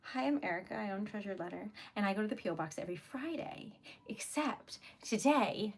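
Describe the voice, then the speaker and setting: A woman's voice: medium pitch, animated, brisk, husky. A young woman hosting a casual livestream, chatty and giggly, often laughing and apologizing. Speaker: typewriter shop owner and stream host.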